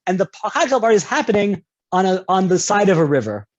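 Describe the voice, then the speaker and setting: A rabbi teaches an online class on Jewish law over a dull, lo-fi video call, keeping things conversational and playful with examples. He talks fast in a sing-song way, often checks in with "right?", and jumps to a higher pitch when quoting speakers.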